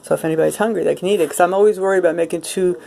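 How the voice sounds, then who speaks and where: A woman's voice: lowish voice, fairly even intonation, very fast, gravelly, mellow, poor audio. A woman chatting casually and rambling as she walks through her home, full of fillers and restarts. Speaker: artist showing her home studio. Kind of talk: casual vlog chat and home tour. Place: home, walking from room to room and into a kitchen. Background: Cajun fiddle music playing from a computer.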